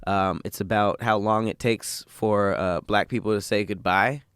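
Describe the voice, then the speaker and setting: A man's voice: on the low side, fairly even intonation, moderate pace, fairly bright tone, clean tone, dry recording, studio quality. A man co-hosting a podcast in casual chat, a playful, joking storyteller. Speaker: podcast co-host.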